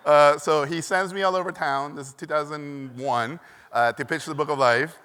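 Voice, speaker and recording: A man's voice: mid-range voice, moderate pace, sharp tone, clear, resonant tone. A man from Mexico giving a conference keynote, telling stories animatedly with many "uh" fillers and acted-out quotes, in a large echoey hall. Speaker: keynote speaker. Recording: echoey hall from a stage mic.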